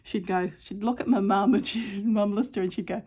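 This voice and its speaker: A woman's voice: mid-range voice, steady tone, fairly quick, a little mellow, breathy edge. A middle-aged woman chatting casually at home while stitching, telling a rambling story with lots of ums. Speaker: craft vlogger.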